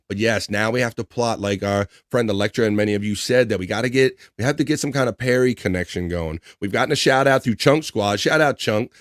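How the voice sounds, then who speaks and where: A man's voice: on the low side, no room sound. Middle-aged male stream host, upbeat chatter over viewer messages, dry close mic. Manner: upbeat, chatty, often laughing. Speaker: livestream host. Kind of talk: casual livestream chat reading viewer comments.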